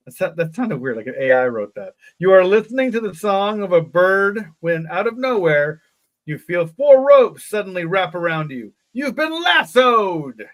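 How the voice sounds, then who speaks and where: A man's voice: high-pitched, expressive, moderate pace. A man co-hosting a live podcast, reading a gamebook aloud and breaking off into joking asides. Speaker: podcast co-host. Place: live online show.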